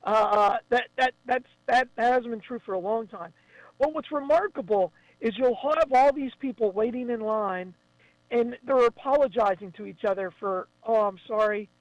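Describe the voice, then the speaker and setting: A man talking as a guest on a radio show, enthusiastic and quick to chime in. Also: very high-pitched, no echo, rough recording. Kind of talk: casual radio chat.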